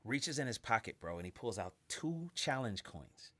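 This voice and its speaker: A man's voice: medium pitch, big pitch swings, moderate pace, fairly bright tone, dry recording. A man, a pastor and writer, telling a story as a guest in a casual interview. He talks in loose slang and acts out the people in his story.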